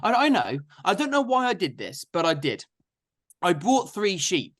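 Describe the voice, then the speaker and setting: A man's voice: sits high, normal speed. Chatty young guy telling stories. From England. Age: 20s. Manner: chatty, energetic anecdotes with frequent "so therefore". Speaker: guest farmer. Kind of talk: casual storytelling interview.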